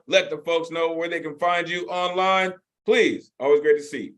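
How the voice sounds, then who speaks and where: A man hosting an online poetry open mic over a video call, excitable and full of praise, repeating words and laughing often. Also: a little high, normal speed. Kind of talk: enthusiastic hosting.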